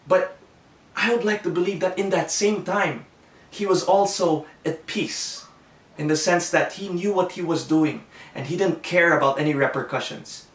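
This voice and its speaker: Here a high-pitched man preaches at normal speed in an echoey room at home, the mic distant so his voice comes across a bit off-mic. Earnest and self-correcting, the pastor restarts his phrases many times.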